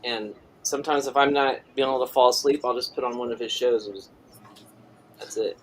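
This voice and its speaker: A man's voice: medium pitch, a little fast, slight background noise. A man hosting a live drawing stream, chatting casually and laughing easily with his guest. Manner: relaxed, laughs often, reads chat aloud. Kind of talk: casual chat while drawing.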